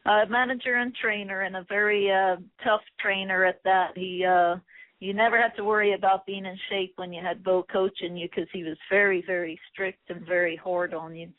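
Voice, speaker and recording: A middle-aged Irish woman, a former boxer, answering interview questions in a soft-spoken, hesitant way with many fillers. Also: mid-range voice, fairly even intonation, normal speed, dry recording. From Ireland. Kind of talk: phone interview. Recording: tinny phone line.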